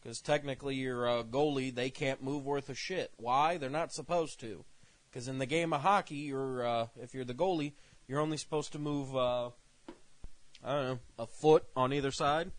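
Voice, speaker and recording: A man co-hosting a casual review chat, swearing a lot and bursting into loud rants. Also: medium pitch, steady tone, moderate pace. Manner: profane, ranting, loud outbursts. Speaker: co-host.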